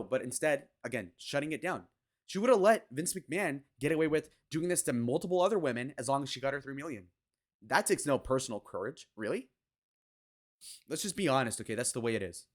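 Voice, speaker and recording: A man hosting his own commentary video, talking bluntly and crudely, jumping from loud mocking bits to low muttered asides. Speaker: commentary channel host. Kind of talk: casual opinion commentary.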